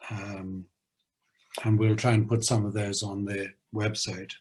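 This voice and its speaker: A man lecturing on poetry at a university, hesitant, with many filler pauses. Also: fairly low pitch, little pitch movement, a little mellow, breathy edge, low-quality recording. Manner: reads verse aloud in a measured rhythm.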